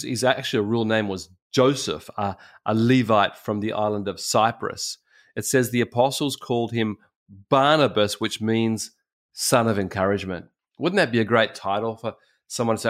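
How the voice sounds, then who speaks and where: A male pastor with an Australian accent, preaching a sermon in a fervent way and repeating phrases for emphasis. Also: lowish voice. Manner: fervent, repetitive exhortation with restarts.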